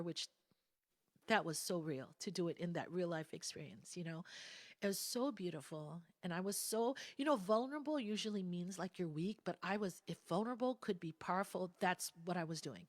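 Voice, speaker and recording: A woman's voice: lowish voice, fairly quick, no echo, clean studio sound. Earnest woman telling a personal story. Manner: earnest storytelling, drops to soft whispers for quotes. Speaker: guest speaker at a spiritual service. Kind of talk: personal testimony talk. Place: church sanctuary.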